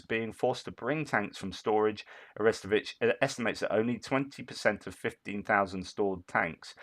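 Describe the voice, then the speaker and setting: A low-pitched man reads through news reports and keeps stopping to argue with them. His delivery is full of ums and restarts, and he drifts into ranting commentary. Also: a bit bright. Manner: ranting asides with frequent fillers and restarts. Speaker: war update commentator.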